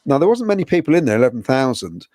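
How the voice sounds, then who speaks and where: A man's voice: mid-range voice, sing-song, fast talker, a little mellow, no room sound, studio quality. A man hosting a casual football fan podcast, chatty and laughing often. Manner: chatty, laughs often, reads listener comments. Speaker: podcast host.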